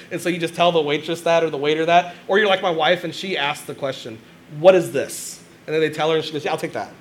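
High-voiced pastor preaching. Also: male voice, slight background noise. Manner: conversational storytelling preacher, talks straight to the congregation. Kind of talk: sermon. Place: church sanctuary.

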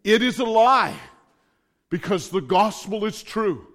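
A middle-aged male preacher with a high voice delivers a fervent sermon in repeated declarations. His voice rings out with a long reverb behind it. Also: expressive, takes it slowly, a bit bright.

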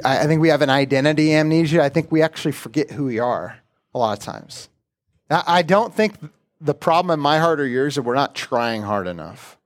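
A man, a pastor, preaching a sermon in a relaxed, conversational way, often repeating words as he starts a thought. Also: medium pitch.

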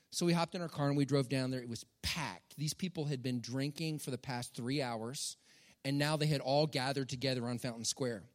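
A middle-aged man preaching a sermon with animated, dramatic storytelling and emphatic repetition. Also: medium pitch, normal speed. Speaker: pastor. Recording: long hall reverb.

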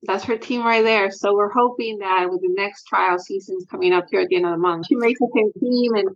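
A woman's voice: mid-range voice, a little fast, dull audio. A woman guest talking earnestly and emotionally about her experience as a sports parent in a candid interview.

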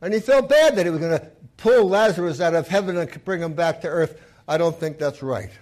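A man's voice: a little high, a little fast, darkish tone. A man preaching a sermon, retelling a Bible story and voicing its people with emphatic, acted-out quotes. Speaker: pastor.

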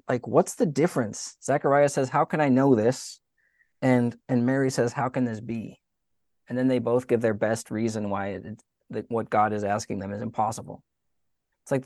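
A man's voice: medium pitch, no echo, clean studio sound. A man giving an informal, earnest spiritual reflection in a conversational way. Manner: earnest, conversational, with soft laughs. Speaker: speaker giving faith reflections.

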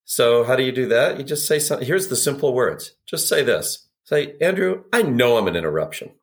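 A man's voice: mid-range voice, a little fast. A man talking as a sales expert on a podcast, telling anecdotes and acting out quoted dialogue with energy. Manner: animated storyteller, acts out quotes. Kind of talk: podcast conversation.

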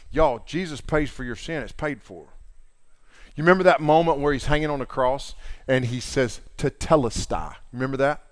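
A man's voice: medium pitch, brisk, dry recording, studio quality. A middle-aged man preaching a sermon in a casual, earnest way, retelling scripture in everyday talk. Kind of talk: conversational sermon.

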